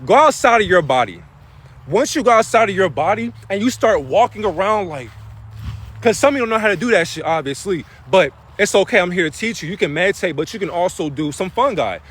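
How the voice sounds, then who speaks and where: A man riffing through a live-streamed spiritual talk in loose street slang, cursing as he goes. His voice sits a little high for a man, and he swings from offhand chatter to fired-up preaching. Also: fairly quick, husky. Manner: animated preaching bursts.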